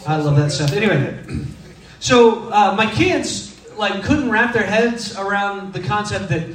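High-voiced man telling funny stories. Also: measured pace. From Texas. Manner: humorous, self-deprecating, many fillers. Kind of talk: conversational sermon storytelling. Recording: echoey room, distant mic.

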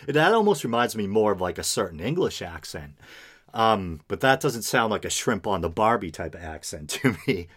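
A man's voice: fairly low pitch, fairly bright tone. A man hosting a podcast, reading news aloud and commenting sarcastically with chuckles. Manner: sarcastic, laughs while reading. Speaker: podcast host.

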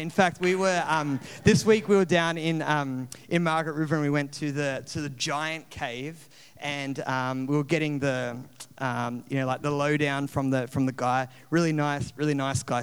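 Man, pastor, humorous conversational sermon, fairly high smooth voice, reverberant church hall. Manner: chatty and humorous, with many restarts. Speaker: location pastor. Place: church auditorium. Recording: long reverb in a large hall.

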